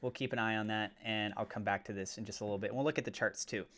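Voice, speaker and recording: A man hosting his own cryptocurrency channel, chatting casually and getting excitable as he watches prices move. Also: lowish voice, fast. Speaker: crypto YouTuber. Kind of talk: casual commentary to camera.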